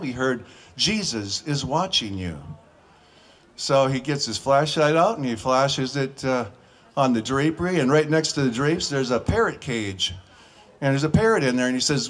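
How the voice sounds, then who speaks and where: A man telling short stand-up jokes in a folksy way, with filler pauses and restarts. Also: medium pitch. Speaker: comedian.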